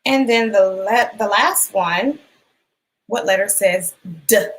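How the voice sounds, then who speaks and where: A woman teacher giving a phonics lesson for young children, sounding out letters and words clearly and encouraging them. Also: medium pitch, slow pace, rough recording. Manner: encouraging, asks questions and waits.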